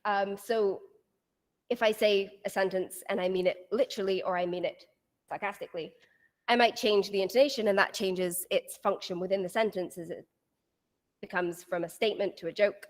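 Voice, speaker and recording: A young woman giving a university lecture, often lifting her pitch at the end of sentences. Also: fairly even intonation, moderate pace, long reverb tail. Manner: rising intonation at the end of sentences. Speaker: guest lecturer.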